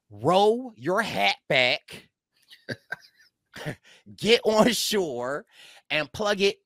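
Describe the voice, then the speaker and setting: An animated male host with a bright, forceful voice, recorded close and dry. He talks in a casual recap style and acts out quotes as he goes. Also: fairly high pitch, no room sound. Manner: animated, laughing, plays out quotes.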